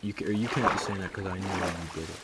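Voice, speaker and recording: A man quoting a suspicious, irritable male police officer in a slow, accusing way, with music and rain playing behind. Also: sits low, fairly even intonation, recorded from a distance, very noisy, close to an everyday voice.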